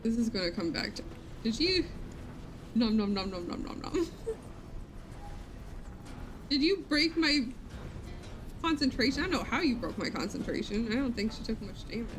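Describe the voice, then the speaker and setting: A woman's voice: fairly high pitch, sing-song, normal speed, pauses often, background noise. A woman live-streaming a video game, chatting casually, thinking aloud and laughing easily as she plays.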